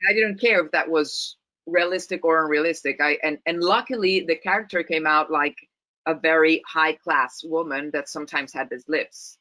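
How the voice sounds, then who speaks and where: A woman's voice: deep voice, moderate pace, sharp tone, low-quality recording. A middle-aged woman from Italy with an Italian accent, a guest actress talking thoughtfully and often restarting her sentences. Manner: thoughtful, many restarts and repeated words. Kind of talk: casual interview chat.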